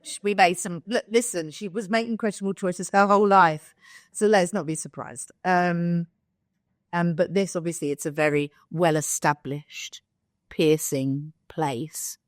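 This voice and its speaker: A woman's voice: on the low side, a little slow, no room sound, studio quality. A young woman co-hosting a podcast, telling a story in casual chat, acting out quotes and swearing freely. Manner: animated, swears, acts out quotes. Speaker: podcast co-host.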